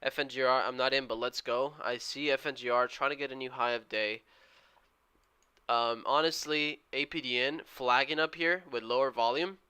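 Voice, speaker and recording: A man's voice: mid-range voice, fairly even intonation, normal speed, pushed and bright, clean tone. A man streaming his day trading live, giving a running play-by-play and urging the price moves on to his viewers. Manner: eager, urges price moves on.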